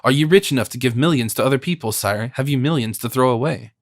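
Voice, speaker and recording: A man voicing a hoarse, sardonic cardinal. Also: medium pitch, fast, no echo, studio quality, lightly acted. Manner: ironic, disdainful. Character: sardonic scheming male cardinal minister in his sickbed.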